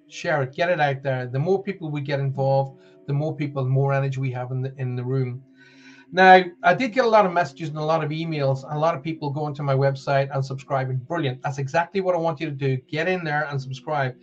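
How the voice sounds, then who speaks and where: A man's voice: a little high, fairly quick. A man with a Northern Irish accent hosting a live-streamed spiritual show in a chatty, rambling way, with many fillers and restarts. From Northern Ireland. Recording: dull lo-fi stream audio.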